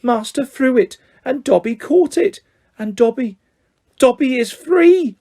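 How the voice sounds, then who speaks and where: Small male house-elf: shrill, excitable, third-person speech, very high. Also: a little slow, full character voice. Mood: overjoyed. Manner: shrill, squeaky, speaks of himself in third person.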